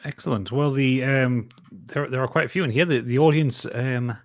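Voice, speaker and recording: A man with a Northumbrian accent co-hosting a casual podcast, halting and restarting as he reads out listener posts. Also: medium pitch, dry recording, studio quality. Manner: halting, with frequent restarts when reading aloud.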